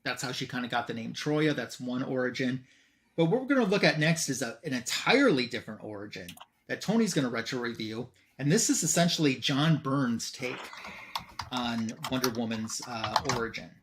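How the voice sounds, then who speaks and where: A man's voice: mid-range voice, lively intonation, fairly quick, fairly bright tone, a little hiss or hum. A man co-hosting an online show, casually retelling a comic book plot and quoting the characters in an offhand way. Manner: retells scenes with "he's like" quotes. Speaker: co-host.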